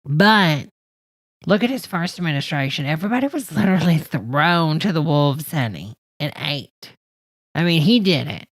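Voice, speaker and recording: A sarcastic woman riffs over a hearing clip with profane, brash asides and a steady stream of "honey." Her voice sits a little low and sounds close and dry, with no room around it. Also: moderate pace, no room sound, rough recording. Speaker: host reacting to a hearing clip. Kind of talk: comedic reaction commentary.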